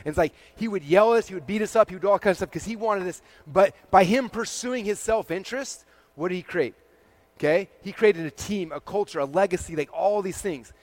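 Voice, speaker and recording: A man delivers a rapid-fire motivational keynote to a live audience. His voice sits slightly high for a man, and he fills it with "like" and frequent "okay?" and "right?" check-ins. The sound is dry and close. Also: no room sound. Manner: heavy use of "like" as a filler. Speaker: speaker presenting to a live audience.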